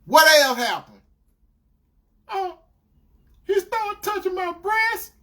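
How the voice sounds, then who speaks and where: Man doing a tearful, halting young woman in falsetto. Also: steady tone, vocal fry, fairly bright tone, heavily acted. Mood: tearful confession. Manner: high pleading falsetto, halting and hesitant. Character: young college woman confessing, tearful, ashamed.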